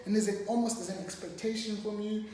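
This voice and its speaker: A man with a slight London accent talks casually, nodding along with a steady stream of yeahs. He sits back from the mic, so his voice comes through distant. The room rings with a long reverb and faint noise. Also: high-pitched, fast talker. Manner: encouraging, affirming with frequent yeahs. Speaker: guest. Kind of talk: casual conversation.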